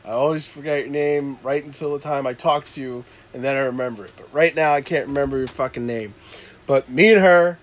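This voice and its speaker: A man casually telling a rowdy story with lots of swearing, shouting out the lines he quotes. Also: mid-range voice, a little fast, a little hiss or hum. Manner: animated, swearing, loud acted-out quotes. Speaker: podcast co-host telling a story.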